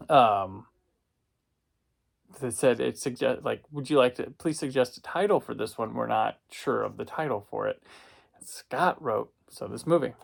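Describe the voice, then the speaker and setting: A man's voice: medium pitch, creaky. A man who reviews home video discs, casually telling a rambling anecdote and often correcting himself as he goes. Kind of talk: casual storytelling.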